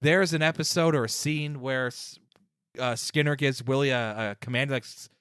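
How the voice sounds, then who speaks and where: A man co-hosting a podcast in casual chat, joking and getting excited as he talks. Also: medium pitch, moderate pace, clear, resonant tone, no room sound, clean studio sound. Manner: excited, joking, quotes lines from the show. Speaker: podcast co-host.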